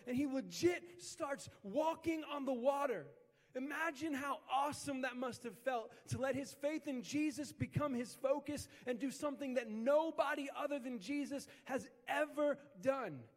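A man's voice: extremely high pitch, normal speed. A man preaching a sermon as a pastor, in a conversational storytelling style with casual slang. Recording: long hall reverb.

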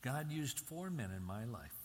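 A man's voice: medium pitch, big pitch swings, a little slow, slight background noise. Older man preaching in a reverberant hall. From Michigan, US. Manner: emphatic, repeating key phrases with rising intensity. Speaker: Christian speaker. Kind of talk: sermon-style talk to an audience. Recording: reverberant hall, faint ambience.

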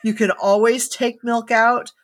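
A woman co-hosting a casual podcast chat, talking in a thoughtful, measured way with some hedging. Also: on the high side, flat delivery, dry recording. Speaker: podcast co-host.

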